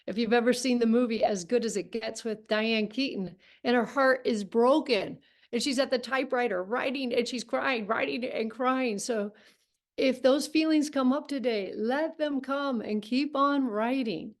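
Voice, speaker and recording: A woman with a fairly high voice guides a writing workshop over a video call. She speaks gently and reflectively and keeps encouraging the group. Her tone is warm and reassuring as she invites everyone to write. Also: normal speed.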